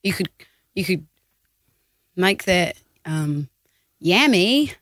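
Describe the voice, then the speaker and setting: Co-host, deadpan one-liners, lively pitch, dry studio. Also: slow pace, no room sound. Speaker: radio co-host. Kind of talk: casual radio banter.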